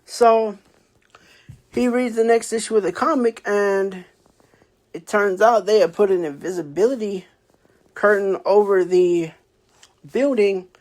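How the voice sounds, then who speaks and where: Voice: mid-range voice, a little slow, long pauses, a little mellow. A host of a book review channel retells a plot casually, rambling with many fillers and restarts. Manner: acts out characters' lines in a raised voice.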